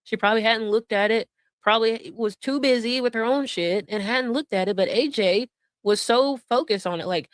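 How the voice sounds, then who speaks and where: A woman's voice: a little high, moderate pace, no echo. A woman hosting drama commentary, sarcastic and laughing as she mocks and mimics others. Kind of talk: mocking commentary over stream clips.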